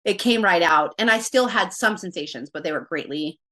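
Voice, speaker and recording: A woman's voice: fairly low pitch, expressive, fairly quick, sharp tone. A woman guest on a podcast, telling a personal story casually and quoting her own thoughts aloud with many fillers.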